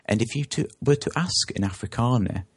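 A man's voice: mid-range voice, expressive, fairly quick, slightly rough. A man speaking as an interview guest, talking at length and often stopping to correct himself mid-sentence. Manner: rambling, with frequent self-corrections. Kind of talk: conversational interview.

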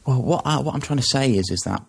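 Animated and fast, a man speaks at medium pitch with vocal fry and a slightly rough edge. Appearing as a guest in a conversational interview, he rambles and repeatedly revises his sentences midway.

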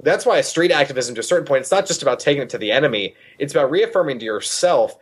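A man's voice: mid-range voice, expressive, quick pace, breathy edge. A man, a guest on a talk show, telling a story and often repeating words as he gets going. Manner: repeats words when starting sentences. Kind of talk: animated storytelling.

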